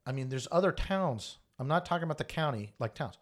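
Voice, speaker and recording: A man's voice: fairly high pitch, fast. A man telling stories in casual podcast chat, swearing freely as he talks, recorded on a portable mic in a small garage room. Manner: animated storyteller, heavy swearing. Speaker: podcast guest.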